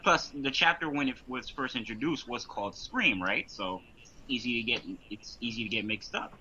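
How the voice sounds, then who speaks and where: A young man co-hosting a casual fan podcast, talking in halting bursts that restart mid-phrase. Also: medium pitch, sharp tone. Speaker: podcast co-host. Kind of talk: casual chat. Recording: dull lo-fi audio.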